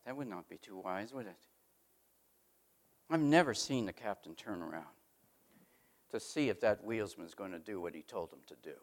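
A middle-aged man preaching a sermon, asking the congregation rhetorical questions and swinging from loud emphasis to hushed asides. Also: mid-range voice.

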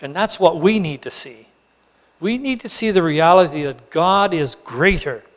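A man preaching a sermon, telling the story with animated emphasis and acting out the characters. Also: fairly high pitch, measured pace. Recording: long hall reverb.

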